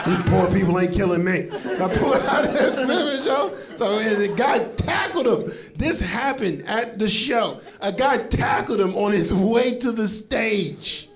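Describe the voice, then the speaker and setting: A man from Florida works a live comedy stage, storytelling in a fairly high voice that jumps into acted-out quotes and laughing asides. The audience is loud, with laughter breaking in throughout this live club recording. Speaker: stand-up comedian. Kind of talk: stand-up comedy set.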